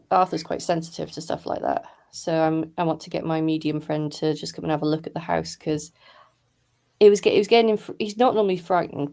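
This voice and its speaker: A woman's voice: fairly low pitch, creaky, dark tone. A woman, a podcast guest, telling stories frankly and matter-of-factly over a video call. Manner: frank, matter-of-fact storytelling. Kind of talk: casual chat.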